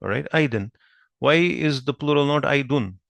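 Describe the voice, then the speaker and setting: A man's voice: medium pitch, lively intonation, gravelly, fairly bright tone, no room sound. A man teaching Arabic grammar, patiently explaining each point and checking understanding with frequent questions. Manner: spells out Arabic terms slowly. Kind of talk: explaining lesson at a whiteboard.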